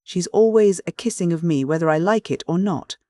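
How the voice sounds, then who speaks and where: A man's voice: sits high, a little fast, a little mellow, dry recording, studio quality, close to an everyday voice. A man reading an audiobook voices a lazy, slightly drunk young man who lolls and whines. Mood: whining. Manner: lolling, whiny, blubbering. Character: lazy tipsy young man, whining and cowardly.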